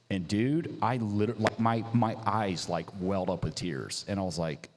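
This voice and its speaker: Young founder guest, lower voice, lively casual storyteller who acts out quotes, recorded in a reverberant hall. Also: male voice, a little fast, hardly any pauses. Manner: animated, slangy, acts out quotes. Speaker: coffee business founder, guest.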